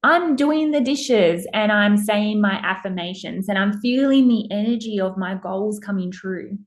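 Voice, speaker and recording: A woman's voice: medium pitch, a little slow. A woman hosting a podcast in a casual, emphatic monologue, blunt and swearing freely. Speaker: podcast host.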